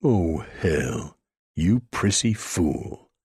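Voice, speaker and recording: A man's voice: low-pitched, measured pace, darkish tone, no echo, studio quality. A man doing a sneering ruthless outlaw. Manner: sneering, contemptuous. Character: swaggering, ruthless male outlaw gang member.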